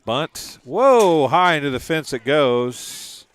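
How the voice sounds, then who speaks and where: Chatty man calling a softball game. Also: fairly high pitch, big pitch swings, takes it slowly, smooth. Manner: chatty, laughs easily between calls. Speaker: play-by-play commentator. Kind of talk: casual live sports commentary.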